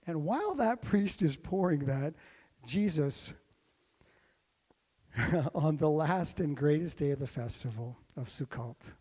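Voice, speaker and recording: A man preaching a sermon as pastor, dropping to a hush and then rising to loud, ringing exclamations. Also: on the high side, animated, slow, long pauses, husky, in a large hall. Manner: dynamic preaching, swinging from hushed to shouted.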